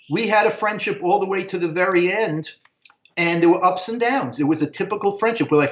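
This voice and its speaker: A man, casually telling animated stories, and he sometimes acts out voices in a high, excited tone. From Brooklyn, New York. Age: 60s. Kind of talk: casual storytelling. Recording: echoey, dull video call audio.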